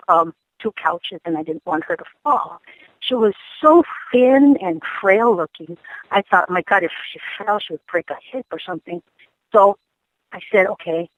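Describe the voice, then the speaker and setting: A woman caller telling a ghost story on a radio call-in show, lively and full of ums and restarts. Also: medium pitch, moderate pace, no echo, rough recording. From Hawaii. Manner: animated storytelling, acting out her own quoted lines; hesitant, frequent ums and restarts.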